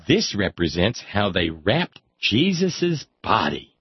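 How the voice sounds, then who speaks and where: A man's voice: lowish voice, big pitch swings, slow, long pauses, husky, no echo. A man reading aloud in a sardonic comic style, with wry, mock-solemn asides. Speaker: comic reader. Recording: dry, slightly dull lo-fi sound.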